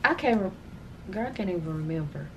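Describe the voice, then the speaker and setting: Woman vlogger, loose rambling talk to camera, slightly low pitch, a faint hiss behind her. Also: lively intonation, fairly quick. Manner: chatty, rambling, addresses viewers as y'all. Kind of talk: casual chat to camera.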